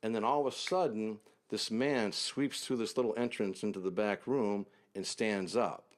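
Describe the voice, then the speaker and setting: Man, from the United States, low voice, interview guest, vivid storytelling, short punchy sentences. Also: moderate pace. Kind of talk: anecdotal storytelling.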